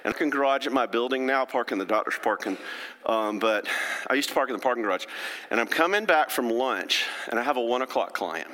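A man's voice: medium pitch, lively intonation, a little fast, pushed and bright. A middle-aged man, a therapist giving a folksy, chatty talk to an audience and checking in with them often. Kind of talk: lecture to an audience. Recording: long hall reverb.

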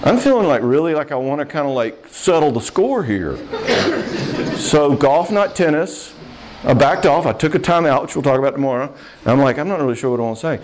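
An older man giving a lively sermon on marriage to a live crowd, conversational and playful, often checking in with the listeners. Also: on the high side, normal speed, a little hiss or hum, rough recording. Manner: acts out quoted voices and jokes. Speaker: pastor teaching on marriage.

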